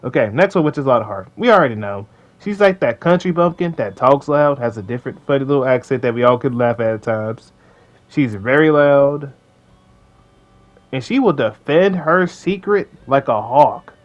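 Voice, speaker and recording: A man giving a casual commentary rant, animated and mocking, laughing at his own jokes and slowing right down to stress his words. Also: medium pitch, dull audio. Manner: animated, mocking, swings between fast rants and slow drawn-out emphasis; joking, blunt, laughs at his own lines. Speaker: video creator.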